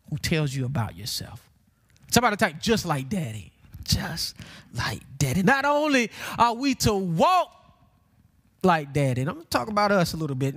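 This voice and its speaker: A male pastor with a Southern country twang, preaching a sermon that builds to shouted emphasis and addresses the congregation as "y'all". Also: sits high.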